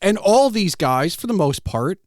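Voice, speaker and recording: A man's voice: high-pitched, very animated, measured pace, no room sound, clean studio sound. A man in his forties hosting a podcast interview, asking long, rambling questions full of "like". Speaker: podcast host. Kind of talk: conversational interview.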